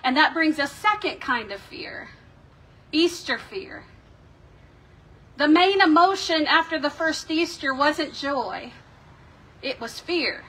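High, bright-voiced woman pastor preaching slowly. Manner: measured, reflective preaching with dramatic quoted questions. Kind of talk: sermon. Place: church sanctuary.

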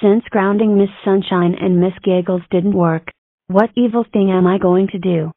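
An amateur fan animator reading scripted cartoon lines in a plain, flat delivery. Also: mid-range voice, moderate pace, no echo, narrow, tinny audio. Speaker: fan animator voicing all characters.

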